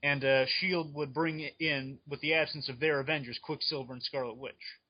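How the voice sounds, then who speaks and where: A man in casual chat on a fan podcast, excitedly rambling through his speculation. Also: fairly high pitch, normal speed. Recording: dull lo-fi recording.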